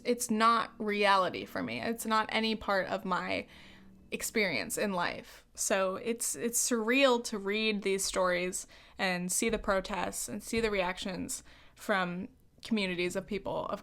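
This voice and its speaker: A young adult woman hosting a solo podcast, talking earnestly in a halting way with sighs and restarts. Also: on the high side, fairly bright tone. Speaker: podcast host.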